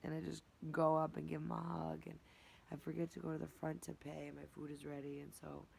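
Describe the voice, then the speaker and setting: A woman's voice: sits low, completely flat delivery, a little fast, creaky, darkish tone, husky, low-quality recording. A young woman vlogger and fitness instructor, recapping her day in a rambling, casual way, swearing and often dropping into a whisper. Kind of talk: casual daily recap vlog.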